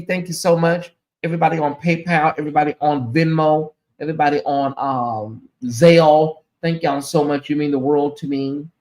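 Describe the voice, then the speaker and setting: A man hosting a casual livestream, speaking in a somewhat high voice. He addresses his viewers directly with a sassy, animated delivery that swings between teasing and heartfelt thanks. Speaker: livestream host.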